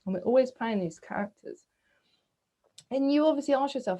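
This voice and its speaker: A woman, leading a gentle self-reflection talk as a spiritual coach, asking soft searching questions and pausing to sigh. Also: medium pitch, rough recording. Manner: breathy sighs, slow reflective pauses.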